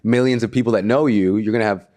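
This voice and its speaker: A man co-hosting a podcast speaks quickly in a low register. He keeps affirming and encouraging his guest in a loose, casual back-and-forth. His speech rolls on fast and unbroken. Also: steady tone, a little mellow. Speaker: podcast co-host.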